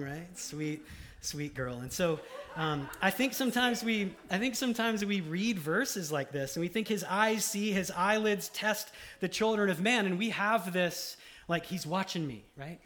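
Pastor, male, slightly raised pitch; conversational sermon with emphatic repeats. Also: a bit bright. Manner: emphatic repetition of key lines. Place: church service.

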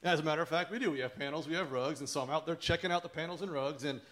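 A man's voice: a little high, racing, a bit bright. A man who is starting a new church, telling a congregation a testimony and acting out what others said to him. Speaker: church planter. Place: church service.

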